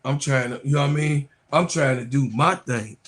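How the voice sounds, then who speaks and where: A man hosting a sports live stream in casual chat, loudly trash-talking and teasing his viewers, congested and coughing with a cold. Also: mid-range voice, moderate pace, slightly rough. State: stuffed nose, coughing from a cold.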